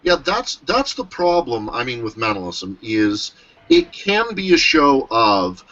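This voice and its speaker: A man in his thirties hosting a live video Q&A, chatting casually with lively, quick asides. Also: medium pitch, lo-fi sound. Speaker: host.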